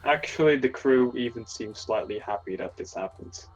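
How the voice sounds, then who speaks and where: A man's voice: mid-range voice, moderate pace, slightly rough, faint music behind, close to an everyday voice. A proud, dutiful male ship's officer, as a game master puts him on, gives a formal, reassuring report. The voice sits mid-range and comes through a dull, lo-fi voice chat line.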